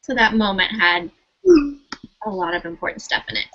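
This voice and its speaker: A woman's voice: on the low side, steady tone, normal speed. A woman in a casual fan discussion, thoughtful and earnest. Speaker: podcast co-host. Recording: muffled lo-fi audio.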